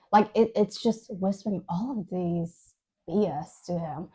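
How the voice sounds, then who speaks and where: A woman's voice: lowish voice, a little slow, mellow, husky. A woman co-hosting a podcast, recounting a dream in a chatty, casual way with lots of fillers. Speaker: podcast co-host. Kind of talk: casual storytelling.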